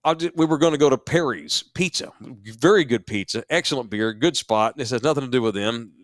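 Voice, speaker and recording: Animated, profane male storyteller. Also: mid-range voice, a little fast, dry recording, studio quality. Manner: animated, profane, self-mocking. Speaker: podcast host. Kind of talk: casual storytelling.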